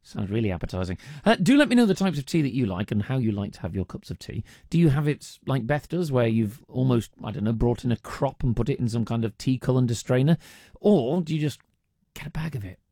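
A man's voice: mid-range voice, sing-song, brisk, dark tone, no room sound. A man presenting a radio show in casual chat from a studio, reading out listener texts with plenty of ums and uhs. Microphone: studio microphone.

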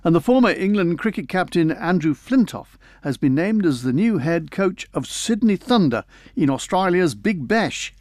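A man's voice: sits high, sing-song, moderate pace, hardly any pauses, a little mellow, no room sound. A man reading radio news in a close studio mic, adding chatty asides between items. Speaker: newsreader.

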